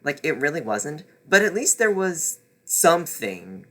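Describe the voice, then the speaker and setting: A man's voice: on the high side, sing-song, unhurried, fairly bright tone. A man ranting sarcastically through a casual book review vlog, exasperated and swearing.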